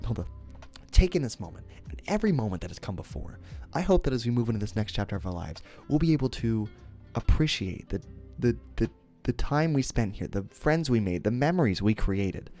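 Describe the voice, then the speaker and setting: A man's voice: mid-range voice, very animated, brisk, mellow, faint music behind. A young man streamer casually telling a story to his chat, rambling and interrupting himself, laughing at his own remarks. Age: young adult.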